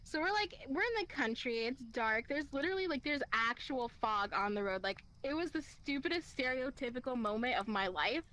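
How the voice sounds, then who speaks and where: High-voiced young woman telling a story. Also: fairly quick, few pauses, low-quality recording. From Kentucky, USA. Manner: animated, acts out quoted lines, laughs often, swears. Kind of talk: casual storytelling.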